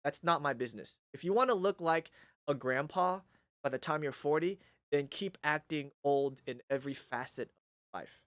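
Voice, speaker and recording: A man's voice: fairly high pitch, normal speed, no echo. A man in his forties with a Taiwanese accent, hosting a casual livestream. He jokes a lot and often checks in with "right?". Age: 40s. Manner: animated and joking, with frequent "right?". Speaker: livestream host.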